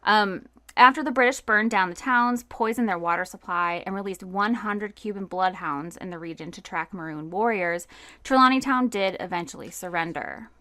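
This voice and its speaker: A woman's voice: medium pitch, moderate pace, bright, forceful tone, dry recording. Woman podcast host going through history notes, chatty, um-ing a lot, dry close mic. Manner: casual, reads notes then riffs with fillers. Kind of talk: conversational history podcast narration.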